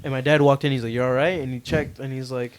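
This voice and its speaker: A man's voice: mid-range voice, steady tone, fast talker. Young man telling a story with laughs. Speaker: podcast co-host. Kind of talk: casual storytelling.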